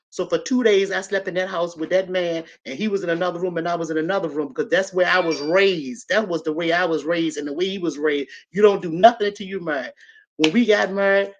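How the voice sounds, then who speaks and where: A woman in her fifties telling a personal story in a casual, animated way, talking straight to her listeners. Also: fairly low pitch. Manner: animated, chatty, addresses listeners directly. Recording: slightly dull lo-fi audio.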